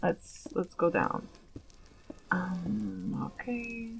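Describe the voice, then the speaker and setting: A woman's voice: mid-range voice, extremely slow, vocal fry, faint music behind, rough recording. A woman giving casual gameplay commentary, chatty and nervous, often questioning herself aloud. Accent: Long Island put-on at times. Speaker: let's play gamer.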